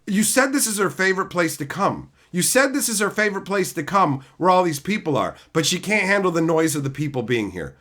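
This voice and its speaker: A man's voice: high-pitched, sing-song, fairly quick, few pauses. A man hosting a livestream, ranting angrily with heavy profanity and mocking asides while reading chat. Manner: profane, heated, mocking, shouting at times. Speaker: streamer host.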